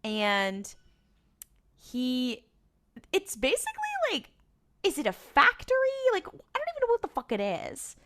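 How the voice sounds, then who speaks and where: A woman's voice: sits high, huge pitch swings, unhurried, pauses often, pushed and bright. A woman co-hosting a podcast, recapping an episode in a casual, rambling way, full of fillers and cursing. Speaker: podcast co-host.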